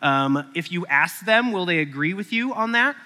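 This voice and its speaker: High, bright-voiced male preacher. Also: normal speed. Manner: animated, acts out stories. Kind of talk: sermon with storytelling. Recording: echoey hall.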